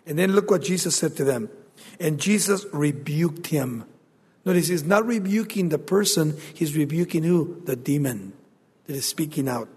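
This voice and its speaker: A man preaches in a high voice, his delivery jumping between loud outbursts and soft asides. His voice carries a long reverb from a large church hall. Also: measured pace, slightly rough. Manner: animated preaching with sudden loud and soft turns. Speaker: pastor. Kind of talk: sermon.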